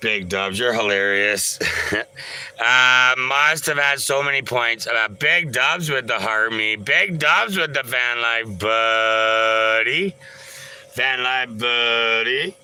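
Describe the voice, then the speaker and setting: A man chats with his viewers on a live stream, taking his time over each thought. His voice is very bright and a little tense, and his talk rambles loosely with filler sounds and casual swearing. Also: mid-range voice, slow, clean tone, poor audio. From Canada. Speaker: livestreamer.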